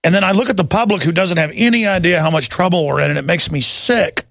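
A man's voice: high-pitched, fast, gravelly, a bit bright, no echo, clean studio sound. A middle-aged man hosting a heated political radio show, talking emphatically and doubling up words as he pushes his point. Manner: intense, emphatic, repeats words when worked up. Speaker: radio talk show host.

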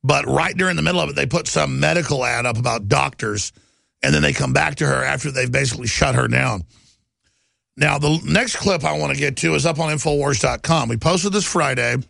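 A man's voice: a little high, normal speed, gravelly, a bit bright, dry recording. A man hosting a talk show, delivering a combative, ranting monologue. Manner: combative, ranting, rising to outbursts.

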